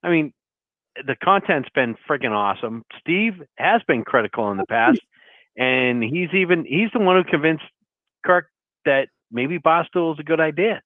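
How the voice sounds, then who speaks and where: A man's voice: on the high side, animated, normal speed, no echo. A man calling into a talk show with a Boston accent, joking crudely and then talking earnestly. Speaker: caller. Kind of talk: phone-in chat. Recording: tinny phone line.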